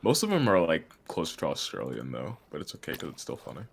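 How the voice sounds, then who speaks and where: A man's voice: very deep voice, huge pitch swings, fast talker, gravelly, noisy background. A man chatting casually on a stream while he paints, rambling and often laughing. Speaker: art streamer.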